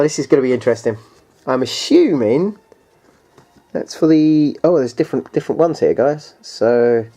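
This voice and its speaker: A man's voice: mid-range voice, mellow. A man chatting casually through a tabletop game unboxing. He rambles and hesitates, restarts often, and keeps addressing the viewers as guys.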